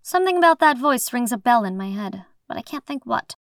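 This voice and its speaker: A woman's voice: fairly high pitch, lively intonation, a little fast, no room sound. Young woman narrating an audiobook, dry close sound. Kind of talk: first-person scripted narration.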